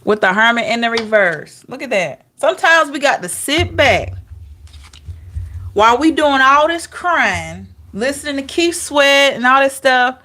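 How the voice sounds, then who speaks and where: Woman doing a tarot reading, kinda high voice, chatty and upbeat, talks right to y'all. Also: a bit bright. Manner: chatty and encouraging, laughs often, addresses viewers as y'all. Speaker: tarot reader. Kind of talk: casual tarot reading monologue.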